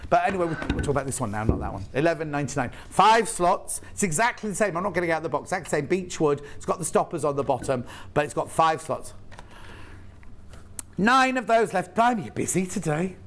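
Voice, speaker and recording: A man's voice: a little high, animated, a little fast, fairly bright tone, slight background noise. A man presenting on a live TV shopping channel in a TV studio, chatting and rambling with jokey asides while he sells. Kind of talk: live TV sales chat.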